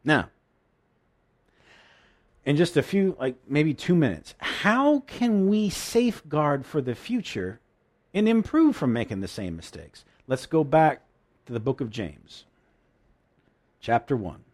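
Lively, high-voiced male preacher. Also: slow pace, long pauses. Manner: earnest, emotional preaching with frequent restarts. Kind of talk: sermon.

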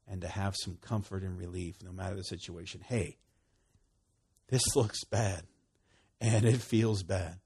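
A husky man delivers a sermon in a relaxed, talk-to-you way. His voice rises loud and bright on the emphatic lines, then sinks low and quiet for the tender ones. He laughs often as he goes. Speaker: preacher.

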